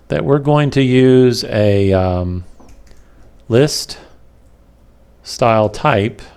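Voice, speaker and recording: Speaking through an ordinary computer mic, a man teaches web development in a recorded screen-capture lesson. His mid-range voice has a rough, gravelly fry, and he has the hiccups. His delivery is unhurried and halting, full of ums, uhs, and pauses.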